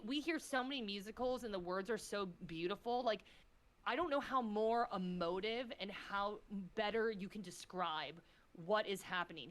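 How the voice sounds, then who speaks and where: A woman guest on a podcast, talking in an impassioned, emotional way, swearing freely and filling her speech with "like.". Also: mid-range voice. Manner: effusive, swears freely, fillers of "like"; emotional, gushing. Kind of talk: impassioned casual chat.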